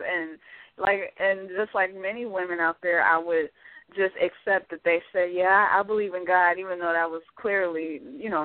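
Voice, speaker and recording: A woman's voice: lowish voice, dry recording. A woman co-hosting a radio talk show, speaking candidly and agreeing with the host. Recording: dry phone-like radio sound.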